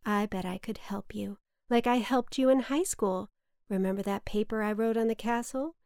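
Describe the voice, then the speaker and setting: A woman voicing her dramatic older mother, a smoker who drawls "darling" in a grand, raspy voice. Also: mid-range voice, fairly even intonation, normal speed, darkish tone, dry recording, studio quality, natural voice. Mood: breezy.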